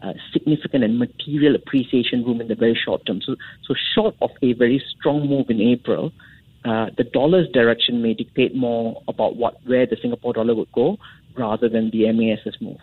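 A man's voice: medium pitch, fairly even intonation, fairly quick, husky, dry recording. A man, an economist guest, answering a radio interview question with many restarts and fillers. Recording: muffled phone line.

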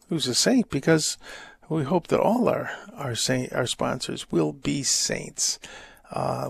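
A man hosting a Catholic call-in radio show, reading letters and answering questions in a rambling, halting, wry way. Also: on the high side, creaky, no echo. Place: radio studio. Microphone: studio microphone.

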